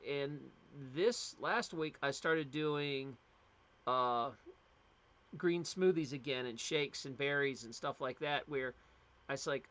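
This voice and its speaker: A middle-aged man with a fairly high voice talks casually to his livestream viewers. He rambles from one thought to the next with frequent ums and false starts. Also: sharp tone. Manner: rambling, chatty, with many fillers and restarts. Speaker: livestream host.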